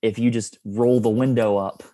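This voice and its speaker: A man's voice: medium pitch, steady tone, normal speed, warm tone, dry recording. A man hosting a podcast, chatting casually and telling a loose, easygoing story. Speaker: podcast host.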